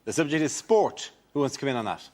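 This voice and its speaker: A man hosting a comedy panel show in a studio, moving briskly from one comedian to the next. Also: medium pitch, very animated, noisy background. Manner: brisk, upbeat link lines. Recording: studio with live audience. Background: audience laughter.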